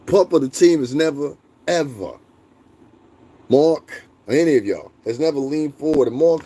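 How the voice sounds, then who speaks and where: A young man with an animated, mellow voice of fairly high pitch talks at normal speed while hosting a casual livestream. He's blunt and profane, laughs often, and answers his chat.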